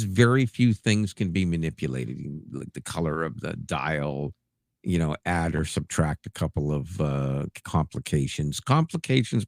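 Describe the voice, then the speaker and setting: A man's voice: low-pitched, creaky, dry recording, studio quality. A man hosting a tech podcast in casual chat, rambling and going off on tangents. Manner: rambling, digressive. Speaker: podcast host.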